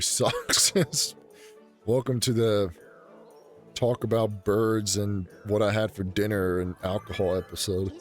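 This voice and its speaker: A man rambling and joking his way through a game with a sore, worn voice. He swears casually and talks nonstop into a desk mic, with faint game music playing behind him. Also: on the low side. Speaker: gaming channel host. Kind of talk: casual let's play commentary.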